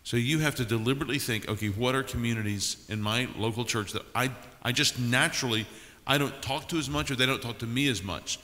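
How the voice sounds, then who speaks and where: A pastor on a conference panel, a man speaking calmly as he gives advice. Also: medium pitch, fast, hardly any pauses. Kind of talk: panel discussion. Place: large conference hall. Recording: reverberant conference hall.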